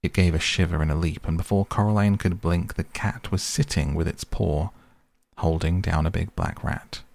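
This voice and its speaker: Guy narrating a storybook, really low gravelly voice, dry close sound. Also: steady tone, moderate pace, darkish tone, no echo. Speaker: audiobook narrator. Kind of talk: scripted narration.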